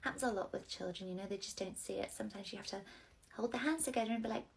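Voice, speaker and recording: A woman doing a low, confiding, smug nursery worker. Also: rapid-fire, gravelly, lightly acted. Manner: low, soft and confiding, matter-of-fact. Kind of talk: comedy sketch acting.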